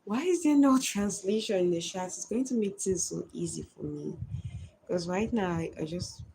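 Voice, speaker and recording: A woman's voice: fairly low pitch, normal speed, gravelly, dark tone, breathy edge. A woman with a Nigerian accent chatting casually on a live stream, greeting viewers by name and answering their comments.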